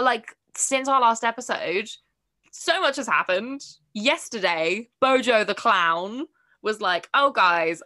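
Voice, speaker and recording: A woman's voice: on the high side, bright, forceful tone. A young woman co-hosting a podcast, chatting casually with many fillers. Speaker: podcast co-host. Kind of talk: casual chat.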